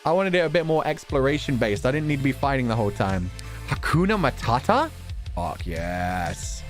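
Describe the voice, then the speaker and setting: A man's voice: mid-range voice, fairly quick, soft background music. A man streamer in a casual chat, reading out donation messages, playful with words and swearing casually.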